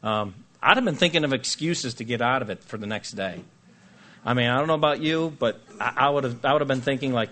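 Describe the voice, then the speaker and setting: A man preaching a sermon, reading scripture and acting out lively asides with playful voices. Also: mid-range voice, brisk. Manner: animated, jokey, acts out voices. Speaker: pastor.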